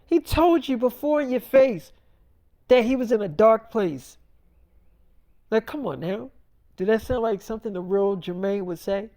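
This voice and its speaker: A man's voice: sits high, a little slow, long pauses, mellow, no echo. A grave man from the far future, as a storyteller puts him on, delivering warnings with insistent seriousness. Plain, everyday voice, told in a loose improvised story.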